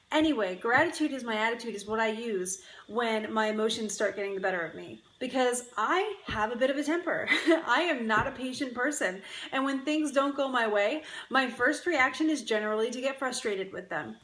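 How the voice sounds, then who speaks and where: A young adult woman hosts a casual live stream of daily affirmations, chatting with viewers in an upbeat, encouraging way and laughing often. Her voice is a little high, a little fast, and fairly bright, in an echoey room with faint ambient noise.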